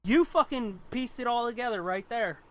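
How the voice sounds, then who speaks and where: A man co-hosting a comic-book podcast in casual chat, excitable and profane. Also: very high-pitched, normal speed. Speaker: podcast co-host.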